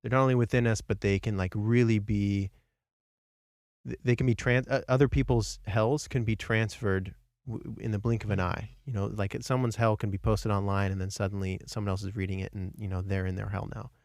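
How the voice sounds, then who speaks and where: A man's voice: lowish voice, steady tone, fairly quick, no room sound, clean studio sound. A man hosting a podcast in casual conversation, a rambling storyteller who restarts often. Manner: acts out story voices loudly. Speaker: podcast host.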